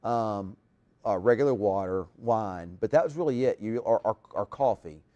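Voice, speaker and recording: A man's voice: on the low side, moderate pace, warm tone, muffled recording. A man hosting a casual live chat show, talking in a rambling way with lots of restarts.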